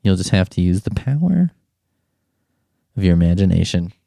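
A man hosts his own podcast with a casual, irreverent comic ramble. His voice sits fairly low but swings widely in pitch as he riffs. The sound is close and dry, with no room echo. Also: very animated, moderate pace, gravelly, warm tone. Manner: rambling, irreverent, jokey asides. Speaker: podcast host. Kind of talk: casual comedic monologue. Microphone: studio microphone.

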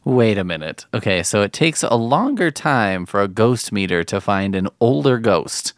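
Brief: lower-pitched male host, animated and mocking, dry recording. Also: normal speed, dry recording. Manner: mocking, incredulous. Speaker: host reacting to online videos. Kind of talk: sarcastic reaction commentary.

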